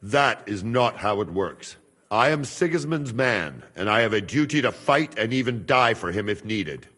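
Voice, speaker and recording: Steady guard, calm, firm, husky, long reverb. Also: male voice, on the low side. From Hungary. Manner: calm, firm, measured, warning. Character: steady middle-aged male guard, calm and loyal.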